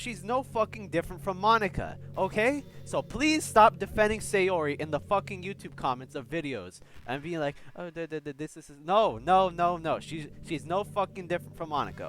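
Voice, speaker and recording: A man's voice: high voice, fairly bright tone. A man hosting a game playthrough, reading a story aloud and breaking off into passionate, heated, swearing rants. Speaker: let's play host.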